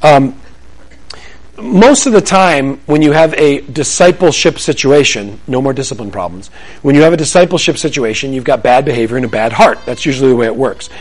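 A middle-aged man preaching a sermon, animated and acting out little dialogues. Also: mid-range voice, brisk, low-quality recording. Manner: animated, acts out dialogues with rising excitement. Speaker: pastor.

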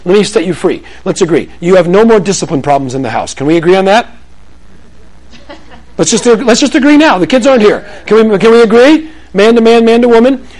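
Man, middle-aged, pastor, sermon, lively rising and falling pitch, slightly high voice. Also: low-quality recording. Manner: animated, acts out dialogues with rising excitement.

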